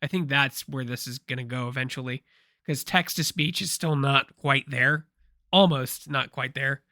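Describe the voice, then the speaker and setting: A man's voice: medium pitch, normal speed, bright, forceful tone, no echo, studio quality. A man co-hosting a casual pop culture talk show, rambling and opinionated with frequent restarts. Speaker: co-host. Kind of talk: casual podcast discussion.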